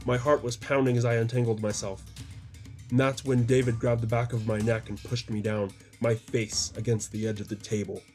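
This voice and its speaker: A man's voice: medium pitch, level tone, moderate pace, darkish tone, faint music behind. A man reading his own story aloud as audiobook narration, with mild voices for the quoted lines.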